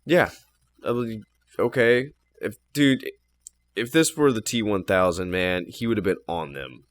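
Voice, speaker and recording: A man co-hosting a podcast, chatting casually about a film, retelling scenes with animated, swearing delivery. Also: on the low side, a little slow. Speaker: podcast co-host. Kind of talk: casual film review chat.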